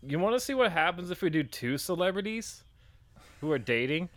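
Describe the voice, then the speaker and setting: A man co-hosting a casual improv comedy chat, quick and playful, swearing casually. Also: high voice, very animated, a bit bright. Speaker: improv podcast co-host.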